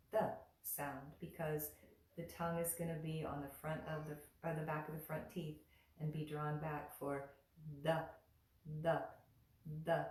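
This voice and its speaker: A woman teaching pronunciation, patiently repeating each syllable slowly and clearly. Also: sits low, a little mellow. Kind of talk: slow, patient pronunciation lesson. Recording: roomy echo, voice a bit far from the mic.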